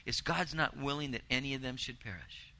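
A man's voice: mid-range voice, fairly quick, bright, forceful tone, rough recording. A man preaching a sermon, earnest and emphatic, building intensity with repeated phrases. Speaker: pastor.

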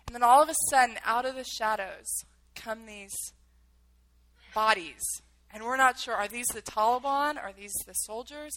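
A woman's voice: fairly high pitch, normal speed, fairly bright tone, rough recording. A woman telling a personal story in a vivid, emotional way, acting out the quotes.

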